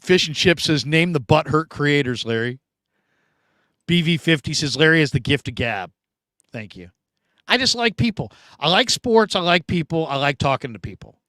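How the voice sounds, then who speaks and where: Talkative male sports host, higher voice, dry close sound, chatty live-stream delivery with big swings between loud and soft. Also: moderate pace, dry recording. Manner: animated, talkative, swings between loud bursts and quiet asides. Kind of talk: casual live-stream chat reading comments.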